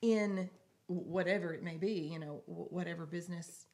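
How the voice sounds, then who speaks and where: A woman's voice: fairly low pitch, steady tone, normal speed, dark tone. A woman co-hosting a casual morning talk show, telling stories with frequent giggles. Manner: giggly, storytelling. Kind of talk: casual chat.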